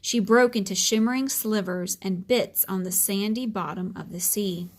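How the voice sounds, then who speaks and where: A woman reading a children's story aloud in a gentle, expressive way. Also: medium pitch, moderate pace.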